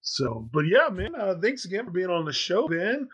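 A podcast host in his thirties with a slightly high voice, chatting casually. He tells a long story in a loose, rambling way, full of ums and uhs. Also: sing-song, normal speed, a crowd in the background. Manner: rambling anecdotal storytelling with many fillers. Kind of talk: casual chat.

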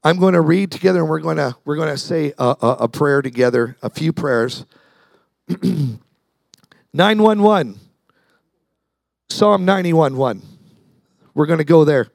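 A man's voice: a little high, animated, unhurried, creaky, long pauses, no echo. A man preaching a sermon as pastor, talking conversationally, repeating words and acting out the people in his story.

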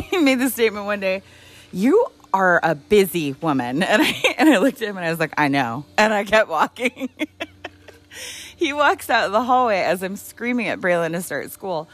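Giggly, swearing mom chatting casually. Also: female voice, medium pitch, fairly bright tone. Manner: rambling, giggly, swears freely. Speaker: podcast co-host. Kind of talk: casual chat.

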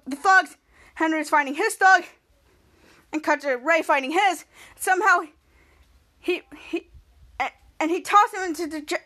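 A woman's voice: very high voice, pushed and bright. A young woman hosting a podcast, casually recapping a TV episode scene by scene, with many restarts as she acts out the characters' lines. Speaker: podcast host.

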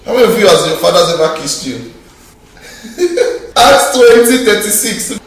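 A man's voice: sits high, animated, normal speed, pauses often, distant mic. A man leading a Bible study class, teasing and emphatic, asking the group questions. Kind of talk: interactive Bible class teaching. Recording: very echoey hall, mic from afar.

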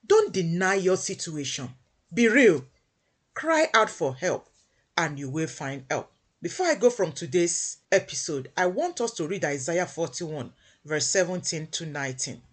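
A woman preaching a devotional sermon, emphatic and repeating phrases for weight, with a husky voice. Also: on the low side, sing-song, measured pace.

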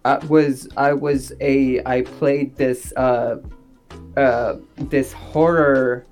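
A man who is an actor and director, talking in a rambling, animated way with many fillers. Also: medium pitch, drawn-out words, soft background music. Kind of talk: casual interview talk.

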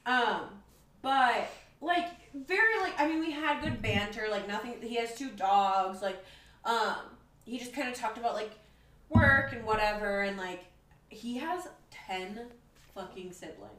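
A woman's voice: on the high side, animated, measured pace, a bit bright, roomy sound, recorded from a distance, rough recording. A young woman co-hosting a podcast, telling a date story in casual chat and acting out both sides of the conversation. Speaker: podcast co-host.

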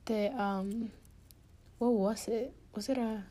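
A woman chatting intimately and casually to her partner, giggly and rambling in a soft, often half-whispered voice. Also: mid-range voice, steady tone, slow pace, a little hiss or hum. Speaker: podcast host talking to her partner. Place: indoors at home.

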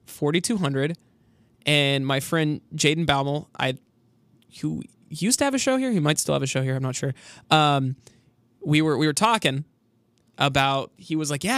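Young guy sports radio cohost, kinda high voice, rambly, dry studio sound. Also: fairly bright tone, no room sound. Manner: rambling storyteller, full of fillers. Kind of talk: casual sports talk.

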